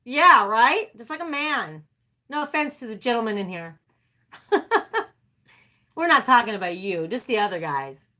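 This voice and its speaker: A woman hosts a casual livestream and chats animatedly with her viewers. Her voice sits a little high and sounds bright and sharp. She talks freely and breaks into laughter often. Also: lively intonation, measured pace, long pauses. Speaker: livestream host.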